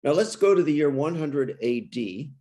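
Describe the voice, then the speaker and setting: A man's voice: a little high, lively intonation, moderate pace, mellow. An older man, a rabbi, gives a reflective interfaith talk over a video call, often restarting his phrases and then posing rhetorical questions to his listeners. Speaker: rabbi and guest speaker.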